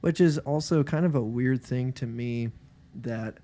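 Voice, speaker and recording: A man's voice: mid-range voice, measured pace, warm tone. A man co-hosting a podcast in laid-back, joking casual chat. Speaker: podcast co-host.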